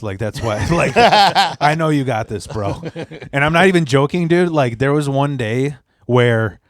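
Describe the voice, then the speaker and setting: A man with a Chicago accent hosts a casual podcast. He talks in a loose, rambling way and swears freely. His voice is mid-pitched and the sound is close and dry. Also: animated, dry recording. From Polish background. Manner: loose, rambling, profane, quick to laugh. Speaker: podcast host. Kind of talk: casual chat.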